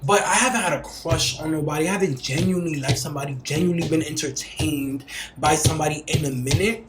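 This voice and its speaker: A man hosting a podcast, telling stories in a casual, animated, profane way. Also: on the high side, quick pace, roomy sound, heavy background noise. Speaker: podcast host. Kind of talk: casual chat.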